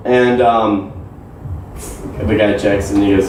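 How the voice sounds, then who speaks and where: A man telling a comic story on stage in a lounge, animated and rambling, with fillers and laughs at his own tale. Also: lowish voice, slow, long pauses. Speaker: comedian. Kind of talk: stand-up storytelling. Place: art lounge, live show. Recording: echoey lounge, distant mic, faint hum.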